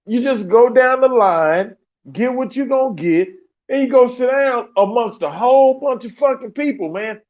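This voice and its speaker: A man's voice: very high-pitched, moderate pace, highs cut off. A man hosting a podcast, telling a story in a loose, profane way and laughing often. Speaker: podcast host.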